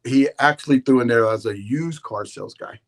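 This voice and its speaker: Man, podcast host, mid-pitch voice, loose rambling monologue, animated and full of restarts. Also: a little fast, creaky. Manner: animated, storytelling, frequent restarts and laughs.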